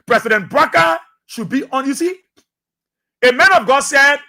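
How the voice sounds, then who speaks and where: A man's voice: very high-pitched, expressive, moderate pace, sharp tone. A man with a Liberian English accent giving impassioned, preachy radio commentary and hammering points home by repeating phrases. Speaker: radio talk show host.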